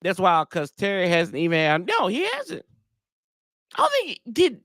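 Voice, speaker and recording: A man's voice: sits high, wildly swooping pitch, unhurried, fairly bright tone, no room sound, clean studio sound. A man hosting a casual sports show, ranting in a rambling, exasperated way with slangy asides to his viewers. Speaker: sports podcast host.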